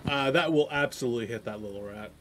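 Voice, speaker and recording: Man running an online tabletop game. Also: medium pitch. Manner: organizing, brisk instructions. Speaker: game master.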